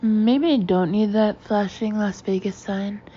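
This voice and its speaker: Bored shopper, read by a woman; fed up, warm tone. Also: medium pitch, unhurried, highs cut off, a little hiss or hum, close to an everyday voice.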